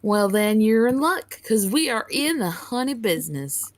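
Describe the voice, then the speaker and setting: A woman's voice: on the high side, sing-song, a little slow. A woman playing a tabletop role-playing game in character, sly and teasing. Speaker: player.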